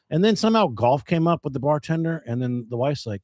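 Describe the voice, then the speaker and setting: Casting: comedian from Maryland, animated storyteller, dry close sound. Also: male voice, on the high side, fast, no room sound. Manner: animated storyteller, acts out dialogue. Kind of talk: casual podcast storytelling.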